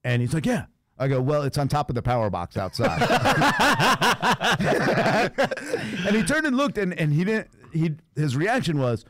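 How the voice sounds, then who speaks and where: Man, casual storytelling host, lively pitch, dry sound, laughs often. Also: measured pace, pauses often, no room sound. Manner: animated, acts out voices in his stories, laughs often. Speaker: radio show host.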